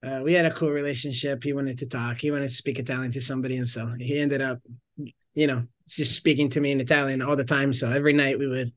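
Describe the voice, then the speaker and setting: A man's voice: medium pitch, little pitch movement, quick pace, a bit bright. A man in his thirties, a missionary guest, telling his story in a casual interview and often restarting his sentences. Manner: rambling, self-correcting storyteller with frequent restarts.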